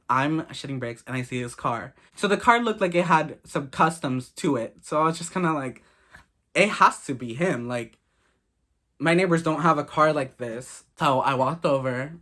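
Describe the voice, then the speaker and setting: Teen guy spilling a story, cussing a lot, kinda high voice. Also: fairly bright tone. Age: late teens. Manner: candid, profane, gossipy storytelling. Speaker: vlogger. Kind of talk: casual story time.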